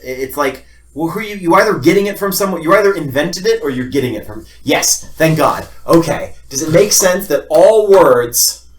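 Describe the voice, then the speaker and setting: A man co-hosting a casual philosophy podcast, talking in an animated way, swearing often and acting out little scenes. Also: on the high side, moderate pace. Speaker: podcast co-host.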